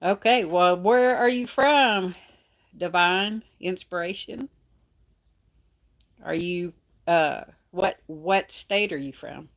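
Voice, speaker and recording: A middle-aged woman hosts a casual livestream from her phone, talking in a slightly low voice. She chats easily, reads out comments from viewers and laughs often between remarks. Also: takes it slowly, pauses often. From Texas. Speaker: livestream host.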